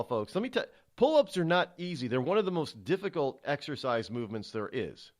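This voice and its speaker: A man's voice: on the high side, very animated, a little fast, few pauses. A middle-aged man hosting his own radio show, talking solo in a chatty, digressive way, often restarting and repeating words as he goes. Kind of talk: rambling solo talk-radio monologue.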